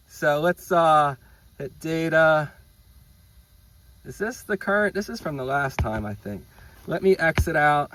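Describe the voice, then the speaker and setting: Man, high voice, casual hobby vlog host, enthusiastic, thinking aloud, outdoors by a road, faint background noise. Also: sharp tone, poor audio. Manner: enthusiastic, thinking aloud while reading data. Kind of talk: casual hands-on testing vlog.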